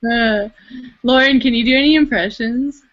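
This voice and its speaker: A woman's voice: a little high, moderate pace, a bit bright, dry recording, dull audio. A woman in a casual group chat, giggly and encouraging.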